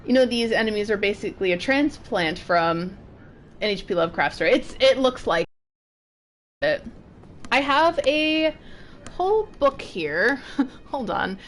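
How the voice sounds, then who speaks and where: A young woman streaming a game, chatting and gushing excitedly as she plays and reacts. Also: on the high side, a little slow, pauses often, a little hiss or hum. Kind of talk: live gameplay commentary. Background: game music.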